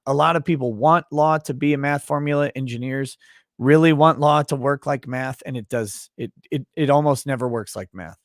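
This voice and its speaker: A man's voice: medium pitch, no echo, clean studio sound. Man hosting a stream. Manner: halting, many restarts, reads chat comments aloud. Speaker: livestream host. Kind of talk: casual livestream chat.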